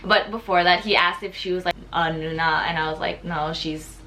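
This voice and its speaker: A young woman vlogger telling a chatty, excitable story in casual storytime style, with lots of "like" fillers. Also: lowish voice, a little fast, slight background noise.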